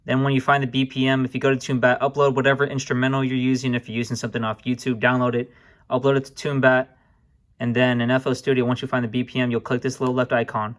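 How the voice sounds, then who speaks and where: A young man casually walking viewers through music production software, relaxed and informal, often calling them guys and apologizing for small slips. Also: mid-range voice, fast. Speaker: music production tutorial host. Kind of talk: casual screen-recorded tutorial.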